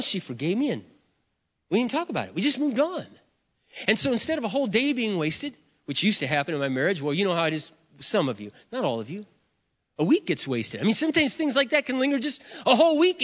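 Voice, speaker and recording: A man's voice: very high voice, very animated, quick pace, a bit bright. A middle-aged man preaching a sermon, telling a personal story with self-mocking humor and acting out both sides of a prayer. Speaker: pastor. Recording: muffled sound in a big reverberant hall.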